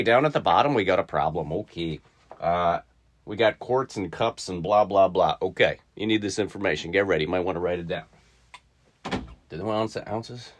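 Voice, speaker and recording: A man's voice: sits low, normal speed. A man teaching a casual math lesson to kids, playful and talking to himself as he works through problems. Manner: playful, talks to himself while solving. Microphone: mic not attached to his body.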